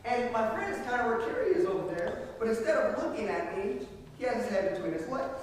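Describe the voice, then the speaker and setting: A young man in his twenties telling a story to an audience, excitable and animated, acting out scenes with shouts and sound effects. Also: extremely high pitch, a little fast. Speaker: motivational speaker. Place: large hall. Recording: echoey hall from far off, noisy.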